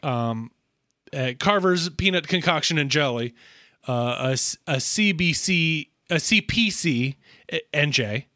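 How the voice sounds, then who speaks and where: A man's voice: on the high side, animated, a little slow, bright, forceful tone, dry recording. A man hosting a casual podcast chat, hesitant with lots of ums, making dry wry asides. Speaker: podcast host.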